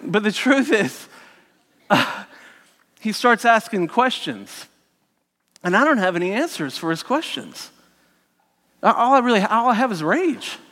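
Male speaker, high and bright, candid storyteller with many restarts, recorded in a reverberant hall. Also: sing-song, measured pace, pauses often. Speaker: speaker sharing his testimony. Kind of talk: personal faith story told to an audience.

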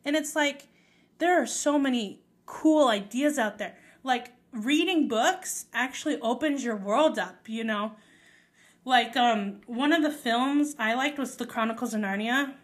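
A woman's voice: on the high side, unhurried. A woman vlogger ranting casually to camera, exasperated and emphatic, swearing freely.

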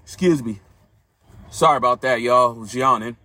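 A man's voice: mid-range voice, moderate pace, sharp tone, no room sound. A man hosting a podcast, telling a personal story in an earnest, reflective way and speaking directly to his listeners. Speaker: podcast host.

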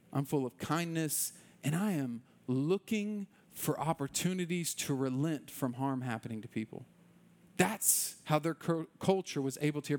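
A man preaching an informal sermon, repeating words and restarting his sentences. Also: high voice. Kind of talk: conversational sermon.

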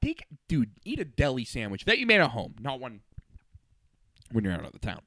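A man's voice: medium pitch, wildly swooping pitch, a little fast, bright, forceful tone, no echo. Young guy podcasting, crude jokey banter, voice bouncing all over, dry room. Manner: loose, joking, swears freely, laughs often. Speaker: podcast co-host.

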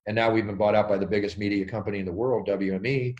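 Fast-talking man telling animated stories. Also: fairly low pitch, muffled recording. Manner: energetic, tells stories with sound effects and acted quotes. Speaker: interview guest, ring announcer. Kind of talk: animated storytelling.

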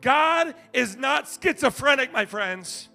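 A male pastor preaching a sermon, telling stories with big swings from shouting to hushed asides. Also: very high voice, slow, creaky, faint music behind. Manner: animated storytelling, swings from shouting to quiet.

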